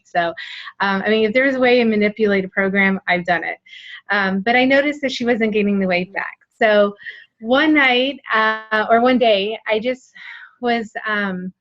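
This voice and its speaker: A woman's voice: mid-range voice, a bit bright. A woman in her forties telling her own story candidly, rambling with many fillers. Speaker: guest sharing her story. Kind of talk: casual personal testimony. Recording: dull lo-fi sound.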